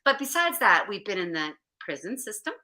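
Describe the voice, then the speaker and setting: A woman author as a guest on a live interview, telling stories in an eager, animated way. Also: mid-range voice, fairly quick. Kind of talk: casual interview chat.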